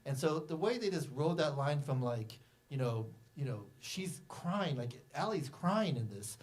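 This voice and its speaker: A man, the film's director, answering audience questions at a festival screening in a theater, rambling and animated with many fillers. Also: on the high side, measured pace. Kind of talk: festival Q&A talk. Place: movie theater.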